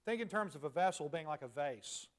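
Male pastor, forties, sermon, slightly higher pitch, talks plainly to the congregation, quiet emphatic asides. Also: lively intonation, fairly quick. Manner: conversational preaching, drops to soft emphatic asides.

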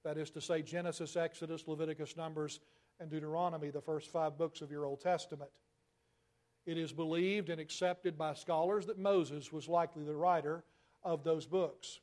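A man preaching a sermon with emphatic, deliberate delivery, leaning on rhetorical questions and drawn-out stresses. His voice sits a little higher than most men's. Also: fairly even intonation, darkish tone.

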